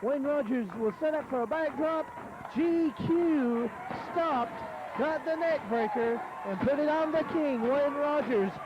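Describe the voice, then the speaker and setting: A man calling a wrestling match play by play in a folksy, excited way. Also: very high voice, lo-fi sound, noisy background. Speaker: wrestling commentator. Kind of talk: play-by-play commentary.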